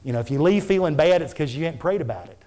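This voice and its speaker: A man's voice: on the high side, lively intonation, quick pace, darkish tone. A man, a pastor preaching a fervent, conversational sermon full of repetitions.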